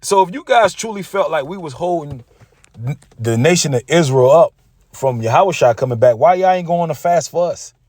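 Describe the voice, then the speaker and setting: A man's voice: a little high, lively intonation, normal speed, darkish tone, dry recording. A man preaching combatively, reading scripture aloud and mocking rival preachers. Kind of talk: street-preacher sermon video.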